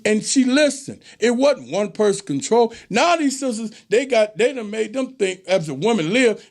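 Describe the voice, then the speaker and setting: Gravelly high-voiced man preaching. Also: expressive, moderate pace. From American South. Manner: preachy, emphatic, acts out quoted voices. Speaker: show host. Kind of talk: casual monologue.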